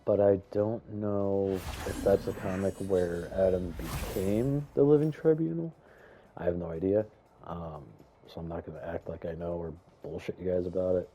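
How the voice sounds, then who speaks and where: Casting: young male gaming commentator, deep dark tone, chatty and rambling, faint hum behind. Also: normal speed. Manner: rambling, chatty, excited with fillers and stutters. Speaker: gaming YouTuber. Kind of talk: casual gameplay commentary.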